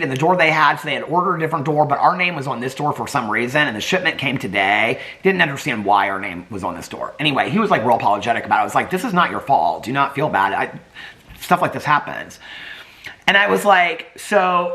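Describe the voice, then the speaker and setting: A man vlogging at home, telling a long story to his camera in a bright, forceful voice. He is chatty and animated, laughs often and acts out the people he quotes, with his pitch swinging widely. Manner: drops to a hushed whisper near sleeping dogs. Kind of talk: casual vlog storytelling.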